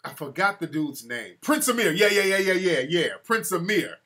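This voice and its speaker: Bright-voiced man hosting a call-in show. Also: high voice, lively intonation, moderate pace. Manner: mocking, loose street slang. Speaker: host.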